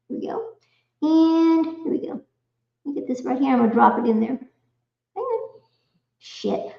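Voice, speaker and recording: A middle-aged woman hosting a casual livestream, chatting to viewers while fumbling with her screen. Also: high-pitched. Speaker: livestream host. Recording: echoey, slightly dull home livestream audio.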